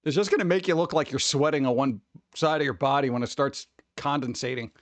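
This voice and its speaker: A man's voice: mid-range voice, fairly quick, no room sound. A man chatting casually on a live stream, rambling and joking as he reads chat aloud.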